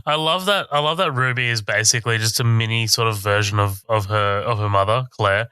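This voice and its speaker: Australian male podcast co-host, casual film chat, laughs and swears, very bright dry voice. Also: mid-range voice, moderate pace, smooth, no room sound. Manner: laughing, swearing, mocking quotes.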